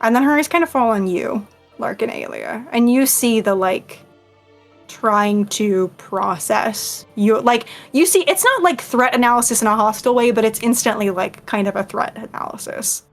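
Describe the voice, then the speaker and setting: A woman's voice: on the high side, normal speed, soft background music. Woman game master narrating with fillers. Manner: loose, full of fillers.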